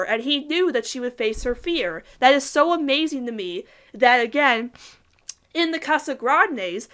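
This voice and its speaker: A woman talks through a cartoon episode in a loose, chatty review. Her voice sits a little high, and she gushes and giggles as she recaps her favorite moments. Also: fairly bright tone. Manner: gushing and enthusiastic, laughs often while recapping scenes.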